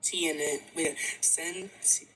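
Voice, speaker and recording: A woman's voice: low-pitched, fairly even intonation, takes it slowly, a bit bright, breathy edge, low-quality recording. A woman reading cards aloud on a livestream, hesitant and stumbling over long words. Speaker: guest reader.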